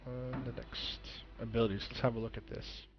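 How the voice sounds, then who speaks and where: A man's voice: mid-range voice, flat delivery, fairly quick, muffled recording. Man thinking aloud over a game. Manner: thinks aloud, trailing off and correcting himself. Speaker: gaming streamer. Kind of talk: casual game commentary.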